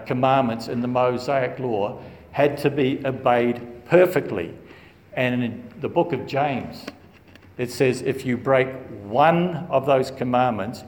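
A man's voice: medium pitch, darkish tone, roomy sound, big-room sound. A man teaching through a Bible passage verse by verse, earnest and emphatic, recorded in a room at home. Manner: earnest, emphatic, stresses key words.

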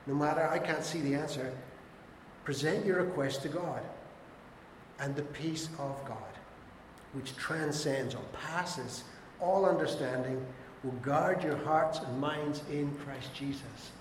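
A man's voice: fairly high pitch, slow, slight background noise. A man preaching a sermon as a pastor, emphatic and exhorting, with repeated short urgings. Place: church hall. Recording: echoey church hall with long reverb.

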